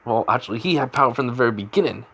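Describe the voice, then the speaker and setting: Guy rambling thru a fan story he's making up, lots of restarts and fixing himself, mid-pitched voice. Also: lively intonation, racing, fairly bright tone, slightly rough, rough recording. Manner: rambling, with frequent restarts and self-corrections. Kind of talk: improvised fan-fiction storytelling.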